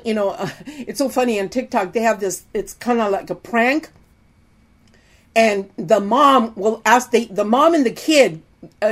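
A middle-aged woman teaching a sermon to women, preachy, often calling out "amen?". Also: a little high. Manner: preachy, frequent call-outs of "amen?".

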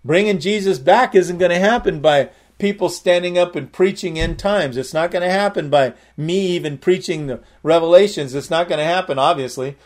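Preacher guy, kinda high voice, breaks down greek words, says stuff twice. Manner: repeats phrases, explains Greek words, emphatic rises. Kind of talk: sermon with word study.

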